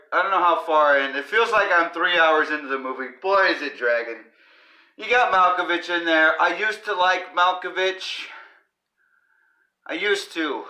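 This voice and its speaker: This podcast host is a man whose slightly high, bright voice comes across forcefully. He rambles goofily through a comedy show, breaking off into silly riffs and bursts of sung nonsense.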